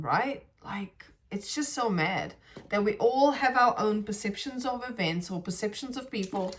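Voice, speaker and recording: A woman's voice: mid-range voice, fairly bright tone, recorded from a distance. A woman talks through a reflective podcast episode in a loose, chatty way. She speaks earnestly and straight to her listeners, checking in with them as she goes. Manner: chatty, earnest, addresses listeners as guys, frequent "like" and "right". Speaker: podcast host. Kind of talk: casual reflective talk to camera.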